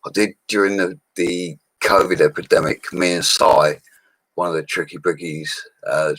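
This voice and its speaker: A drunk man, a bricklayer rambling loudly to viewers on a live stream from a small room at home. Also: sits low, fairly even intonation, moderate pace, no echo. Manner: rambling, loud and laddish, laughing often. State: drunk, slurring. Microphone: laptop microphone.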